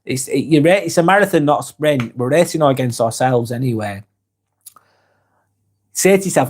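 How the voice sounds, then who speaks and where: A man's voice: mid-range voice, expressive, brisk, slightly rough. Lancashire man with a cold, chatting frankly. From England. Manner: frank and casual, swears freely, many restarts. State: has a cold, coughing. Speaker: vlog host. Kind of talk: live-stream chat reading comments.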